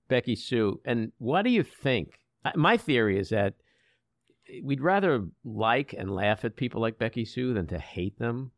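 A man's voice: medium pitch, expressive, unhurried, no room sound, studio quality. A man hosting a casual interview, easygoing and asking follow-up questions. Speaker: interviewer, host.

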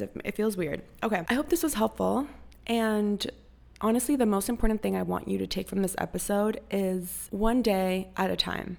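A young woman from Costa Rica hosts a motivational podcast in a casual, direct way. Her voice carries a strong gravelly fry, and she swears freely while cheering her listeners on. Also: medium pitch, a little mellow. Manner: frank and profane, pep-talk tone. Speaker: podcast host.

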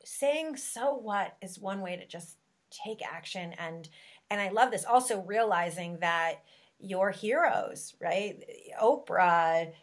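A woman's voice: mid-range voice, slow. Enthusiastic woman podcast host. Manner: enthusiastic, laughs often, leads with questions. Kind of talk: casual interview chat.

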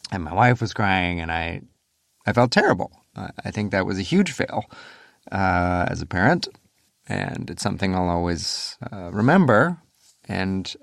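A father tells a personal story in a voice memo, candid and self-critical. His voice sits low and has a gravelly grain. The recording is dry and close. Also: dry recording. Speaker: listener sending a voice memo.

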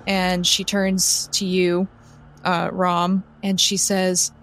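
A woman narrating a tabletop role-playing game as game master, in slow, measured storytelling. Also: fairly low pitch, completely flat delivery, a bit bright.

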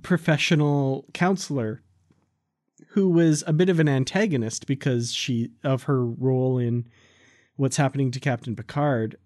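Hesitant man, slightly higher voice. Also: a little mellow. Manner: hesitant, hedging, laughs often. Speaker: podcast co-host. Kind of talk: casual book discussion.

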